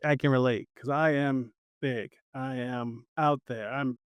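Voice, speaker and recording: Smooth-voiced easygoing male host. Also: mid-range voice, fairly even intonation, a little slow, no echo. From New Orleans suburbs, USA. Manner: easygoing, joking, laughs often. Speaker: interviewer, host. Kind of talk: casual interview chat.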